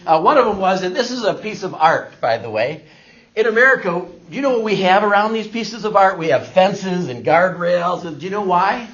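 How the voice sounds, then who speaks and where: A man's voice: high voice, lively intonation, normal speed, a bit bright. A middle-aged man giving a talk, telling a personal story to an audience and acting out the people he quotes. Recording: dull lo-fi recording.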